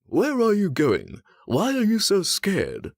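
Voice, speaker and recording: A woman's voice: mid-range voice, huge pitch swings, takes it slowly, gravelly, a little mellow, dry recording, clean studio sound, voice pushed up, full character voice. A woman voicing a genteel goose with a prim, proper way of speaking. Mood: fussy. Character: poetry-reading male goose, genteel.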